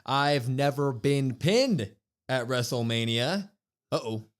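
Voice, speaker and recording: A man's voice: mid-range voice, slow pace. A man co-hosting a podcast, recapping a wrestling show in casual chat and reading out quotes with emphasis. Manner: animated, reads out quotes with emphasis. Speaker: podcast co-host.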